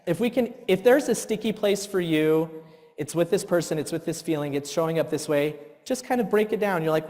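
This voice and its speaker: A man in his thirties giving a workshop talk, telling stories with animated acted-out outbursts. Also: a little high, brisk. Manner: animated storytelling, acts out his own outbursts. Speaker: workshop presenter. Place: church hall. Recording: long reverb in a hall.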